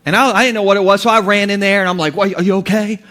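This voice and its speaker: A man in his thirties delivers a sermon full of jokes and funny stories. His voice sits unusually high for a man. He laughs often as he preaches from the pulpit. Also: rapid-fire, bright, forceful tone. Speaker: pastor. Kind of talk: humorous sermon.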